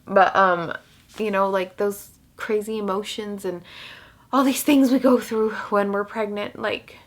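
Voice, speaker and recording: A woman's voice: medium pitch, fairly even intonation, unhurried. A young woman vlogging casually, rambling with many fillers and restarts while she cries. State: crying. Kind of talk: emotional casual vlog talk.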